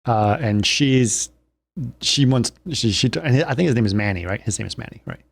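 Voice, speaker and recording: A man's voice: mid-range voice, normal speed, creaky, no echo. A man co-hosting a podcast, casually retelling a film's story with frequent restarts and small chuckles. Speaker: podcast co-host. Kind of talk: casual film discussion.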